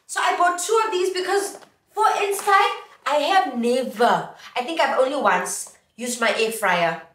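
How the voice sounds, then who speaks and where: Her voice sits high, animated and a bit bright, and she speaks unhurriedly. The young South African vlogger chats playfully and sing-song to viewers in a casual haul video, recorded far from the mic in an echoey room.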